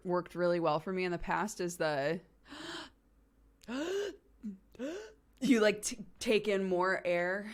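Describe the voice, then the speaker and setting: A young woman streamer in casual chat, relaxed and giggly, rambling with lots of fillers. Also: lowish voice.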